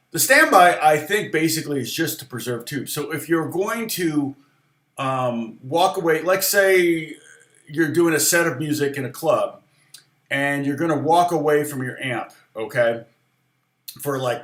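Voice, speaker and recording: A man's voice: on the high side, lively intonation, a little slow, a bit bright, roomy sound. A middle-aged man giving a casual livestream guitar lesson, chatty and rambling, with many fillers and restarts. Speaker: guitar teacher.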